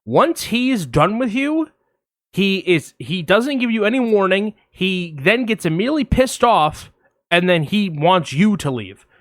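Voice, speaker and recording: A young man co-hosting a podcast, telling a long story in a casual, animated way, swearing freely and acting out the voices of others. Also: sits high, a little slow, no room sound, clean studio sound. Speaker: podcast co-host.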